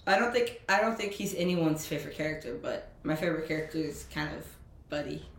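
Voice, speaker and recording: A man's voice: a little high, fast talker, a bit bright, a little hiss or hum. Man giving offhand opinions, echoey room. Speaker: podcast co-host. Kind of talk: casual chat.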